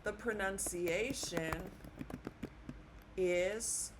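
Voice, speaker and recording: A woman giving an online language lesson, slowly spelling out letters and repeating each sound patiently. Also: mid-range voice, background noise. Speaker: Spanish teacher.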